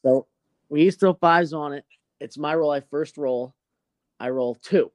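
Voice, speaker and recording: A young man with a fairly high voice hosts a podcast, telling a story in casual, animated chat and swearing a lot. He speaks at a measured pace, and the recording sounds dry.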